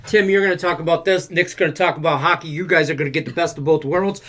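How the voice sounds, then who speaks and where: A man's voice: a little high, quick pace, a bit bright. A man hosting a casual sports betting livestream, reading viewers' questions from the chat in a loose, joking way. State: out of breath. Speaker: show host reading chat.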